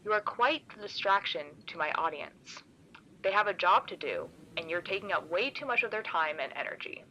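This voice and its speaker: A mocking shadow creature from a horror audio drama, which a woman puts on. It teases in a sing-song, theatrical way, its voice swinging up and down. The sound is bright and comes through a thin, phone-like filter. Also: medium pitch, animated, moderate pace, slight background noise. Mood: calm menace. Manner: playful, teasing, sing-song.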